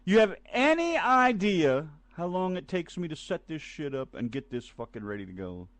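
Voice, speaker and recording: Man, profane ranting co-host, high voice, dry recording. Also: sing-song, normal speed, a bit bright, no echo. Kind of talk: casual chat and profane rant.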